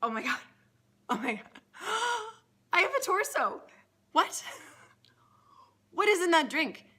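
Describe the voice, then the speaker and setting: A woman voicing an overjoyed man who is only a head, squealing and breathless with excitement. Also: very high voice, slow pace, pitched above the performer's own voice, heavily acted. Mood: ecstatic.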